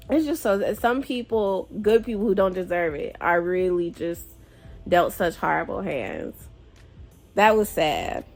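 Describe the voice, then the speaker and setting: A woman's voice: on the low side, animated, unhurried, vocal fry, soft background music. A woman hosting a casual book club vlog, chatty and emotive, often sighing as she reacts to the story. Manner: chatty and emotive, with frequent sighs.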